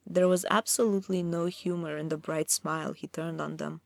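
A woman's voice: low-pitched, fairly even intonation, a little fast, vocal fry, few pauses, dry recording, studio quality. A woman narrating a dramatic fantasy story aloud, reading expressively.

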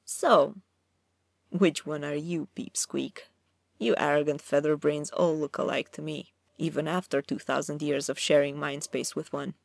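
A woman's voice: fairly even intonation, unhurried, creaky, no echo, exaggerated voice. A woman voicing a sly, menacing male trickster god who mocks and threatens in a storybook reading. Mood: mocking. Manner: mocking, amiable then low and dangerous.

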